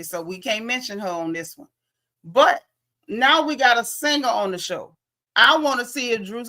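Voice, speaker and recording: A woman's voice: medium pitch, pushed and bright. A woman with a Southern American accent hosting a casual gossip show, sassy and blunt, talking straight to her viewers. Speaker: host.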